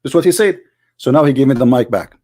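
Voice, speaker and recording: A man's voice: medium pitch, fast, dark tone. A man on a livestream, commenting on a debate clip with mocking, argumentative rebuttals.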